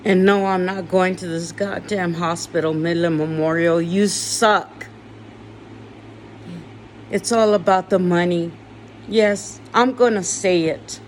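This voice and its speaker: A woman's voice: lowish voice, steady tone, a little hiss or hum. A woman giving a raw personal confessional monologue, weary and emotional, with blunt swearing. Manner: slow, weary and emotional, turning bitter with swearing. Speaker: vlogger.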